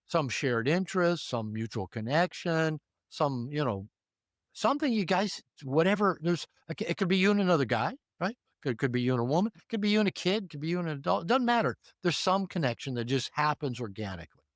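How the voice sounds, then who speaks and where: A man's voice: fairly high pitch, a little fast, no room sound, clean studio sound. An older man, a relationship therapist, giving casual advice in an interview and acting out short exchanges in different voices. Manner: animated, acts out little dialogues with changing voices.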